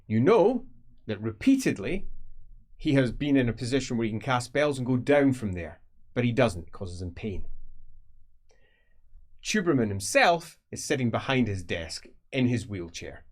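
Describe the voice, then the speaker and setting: A man's voice: mid-range voice, big pitch swings, normal speed. A man narrating a tabletop fantasy game as game master, descriptive and casually swearing.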